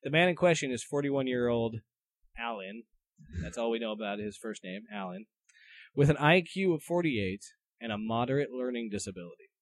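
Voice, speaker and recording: A man's voice: medium pitch, animated, fast talker, hardly any pauses. A man co-hosting a casual comedy podcast, reading out odd news stories and stumbling over his notes.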